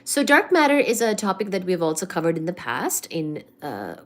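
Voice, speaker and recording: A woman with a fairly low, sing-song voice at normal speed hosts a laid-back live study stream at home. Chatty and full of fillers, she breaks between topics to baby-talk her cat, all over a computer mic.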